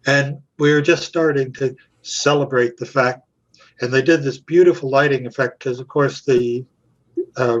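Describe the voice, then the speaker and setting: An older man, an actor and puppeteer, telling anecdotes as an interview guest, animated and chuckling as he acts out quotes. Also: medium pitch, lo-fi sound.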